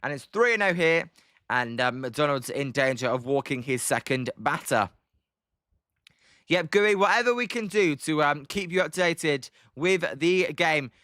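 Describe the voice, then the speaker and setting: A man's voice: fairly high pitch, expressive, measured pace, pushed and bright, no room sound, studio quality. A British man hosting a live stream, calling a baseball game and chatting with viewers, with lots of ums between plays. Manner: chatty, many ums, reads chat aloud. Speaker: livestream host doing play-by-play. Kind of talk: casual live commentary with chat replies.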